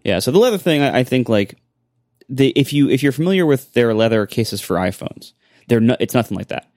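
A man's voice: mid-range voice, big pitch swings, fairly quick, a little mellow, dry recording. Hesitant man on a podcast, dry sound. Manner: hesitant, searching for words. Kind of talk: casual podcast chat.

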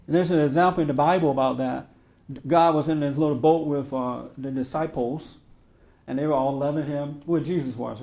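A man's voice: on the high side, gravelly, darkish tone. A man giving an informal sermon to a small group, telling stories in a conversational way and acting out quotes with laughter. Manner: conversational storytelling, acts out quotes, laughs often. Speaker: spiritual teacher. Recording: roomy echo.

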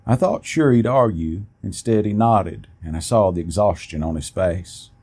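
A man reading a first-person story aloud in a plain, steady way, with an occasional restart. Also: low-pitched, normal speed, husky.

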